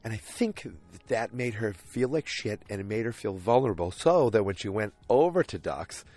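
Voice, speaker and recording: A man's voice: lowish voice, expressive, normal speed, dark tone. A man hosting a podcast, recapping an episode casually with rambling asides, many fillers and restarts, acting out the characters' lines as he goes. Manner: rambling, retells scenes in quoted voices, many fillers and restarts. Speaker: podcast host.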